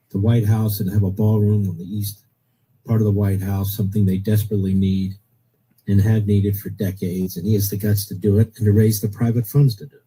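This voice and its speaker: A man's voice: lowish voice, warm tone, husky, low-quality recording. A middle-aged man hosting a political talk radio show, blunt and opinionated, repeating his points for emphasis.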